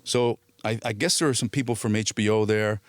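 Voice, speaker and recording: A man's voice: on the low side, a little fast, no echo. A middle-aged man born in Italy and raised in New Jersey, telling a story in a casual interview, acting out the other voices and swearing freely. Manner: animated, acts out quoted voices, swears freely. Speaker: actor guest.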